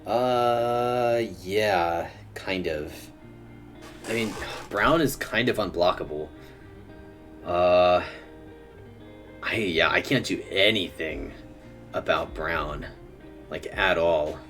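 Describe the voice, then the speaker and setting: A man's voice: low voice, slow, pauses often, a bit bright. A young man streaming, giving casual commentary while he plays, muttering to himself and chuckling often. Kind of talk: casual live gameplay commentary. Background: faint music.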